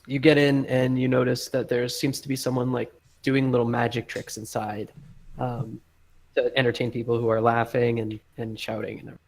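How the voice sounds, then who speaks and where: Male game master, gravelly, flat delivery, rambling casual narration with fillers. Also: mid-range voice, fairly quick, rough recording. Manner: rambling, filler-heavy, lots of "like" and "um".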